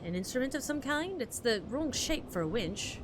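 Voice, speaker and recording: A woman voicing a curious young woman explorer who speaks in a low, measured, musing way. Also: very animated, background noise.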